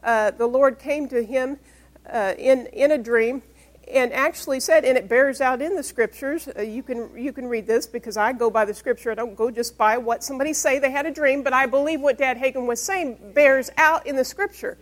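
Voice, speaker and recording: During a Bible-study sermon, a woman pastor reads scripture out loud, her voice sitting high and her pace normal. She asks the congregation questions in an emphatic call-and-response style to get them answering.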